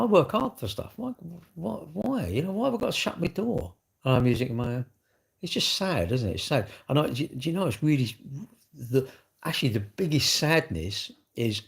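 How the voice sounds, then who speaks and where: A man's voice: medium pitch, creaky. A man talking in a casual, rambling vlog monologue, full of rhetorical questions. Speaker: vlogger.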